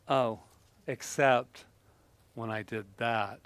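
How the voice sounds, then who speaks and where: A man giving a lively motivational talk with props, playful and laughing often, breaking into sudden exclamations. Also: a little high, measured pace.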